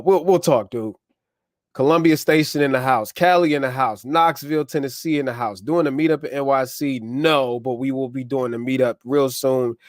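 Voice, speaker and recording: A man with a mid-range voice hosts a casual live stream, chatting loosely with viewers and reading their comments aloud. He uses a clip-on wireless mic, and the sound is dry and clean, like a studio.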